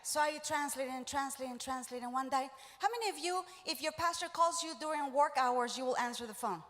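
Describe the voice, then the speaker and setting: Woman pastor, high voice, lively storytelling sermon, playful with the crowd, church hall reverb. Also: fairly quick. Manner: animated storytelling, acting out quoted voices; teasing, talks directly to congregation.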